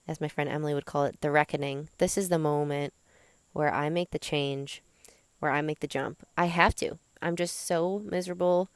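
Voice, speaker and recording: A woman's voice: fairly low pitch, clean tone, no echo. Chatty woman telling her own story. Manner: candid, chatty, full of fillers like "like" and "you know". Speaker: podcast host. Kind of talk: personal storytelling monologue.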